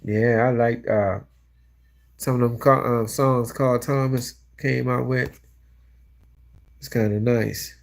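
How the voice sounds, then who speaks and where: A man's voice: medium pitch, takes it slowly, creaky, pauses often. Man making offhand remarks between songs. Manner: relaxed, offhand commentary with hesitations. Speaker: host playing music.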